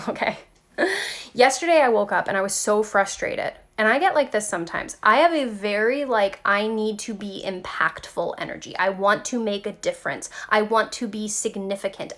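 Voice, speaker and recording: A woman talking casually to her viewers about spiritual growth, animated and chatty, often saying "like" and "okay". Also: mid-range voice. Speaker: spiritual tarot vlogger.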